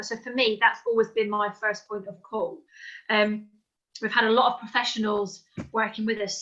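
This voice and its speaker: A woman's voice: a little high, pushed and bright, lo-fi sound. A woman speaking thoughtfully about the support her family received for her son. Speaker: parent of an autistic son. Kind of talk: casual group chat.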